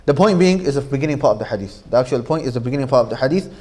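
A man's voice: mid-range voice, expressive, racing, dark tone. A man with a Manchester accent leads an informal lesson in a classroom. He explains at a conversational pace, repeats his points and checks in with the students as he goes. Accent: Manchester English. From Manchester, England. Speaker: teacher.

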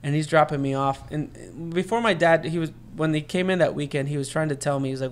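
A man's voice: on the high side, brisk, hardly any pauses, clean tone. A man co-hosting a podcast, telling a long personal story in casual chat and acting out the voices of the people he quotes. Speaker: podcast co-host.

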